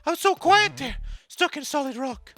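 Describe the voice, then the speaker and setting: A man voicing a nervous male ghost who tells his story haltingly in a shaky, high voice. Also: lively intonation, creaky, a bit bright, full character voice. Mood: jittery. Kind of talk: reading game dialogue aloud.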